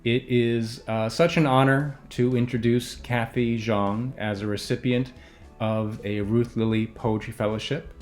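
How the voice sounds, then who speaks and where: Guy reading a poet intro, measured and calm, soft music under it. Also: mid-range voice. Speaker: event host introducing a poet. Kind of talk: scripted introduction.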